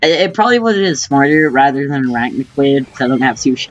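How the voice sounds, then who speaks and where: A man's voice: mid-range voice, expressive, fast talker, highs cut off. A teenage boy chatting casually with a friend while playing a game, joking and trash-talking, his voice cracking often. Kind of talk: casual gaming chat.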